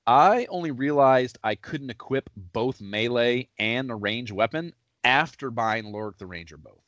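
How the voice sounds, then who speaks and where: A man co-hosting a casual gaming podcast, talking in an animated, profane way and laughing often. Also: mid-range voice, measured pace, no room sound, lo-fi sound. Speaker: podcast co-host.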